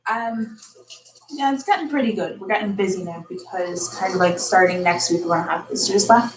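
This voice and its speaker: A woman's voice: mid-range voice, a little fast. Young woman, wry and laid back, sounds a bit far off in a roomy kitchen. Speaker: host's daughter. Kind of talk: casual chat. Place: home kitchen. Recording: roomy audio from across the room, faint hum.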